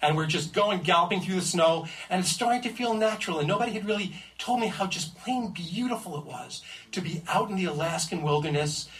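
A man's voice: high voice, brisk, few pauses. Man telling a story from a distance. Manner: animated, building comic suspense. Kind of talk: first-person storytelling to an audience. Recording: distant mic with faint ambience.

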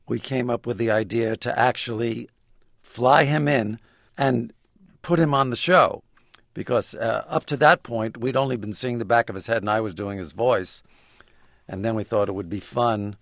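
A man's voice: on the low side, vocal fry, fairly bright tone, no echo, studio quality. An older man, a guest comedy writer and actor, telling wry interview anecdotes with chuckles and acted-out quotes. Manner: wry, chuckling storyteller who acts out the quotes.

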